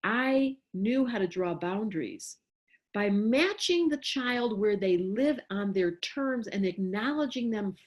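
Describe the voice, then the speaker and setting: A middle-aged woman giving a casual talk to parents as an astrologer, animated and acting out what she would say to a child. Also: medium pitch.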